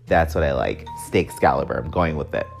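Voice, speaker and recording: A man's voice: extremely low pitch, expressive, brisk, gravelly, soft background music. A young man telling a personal story in a candid, profane way, with wry joking asides.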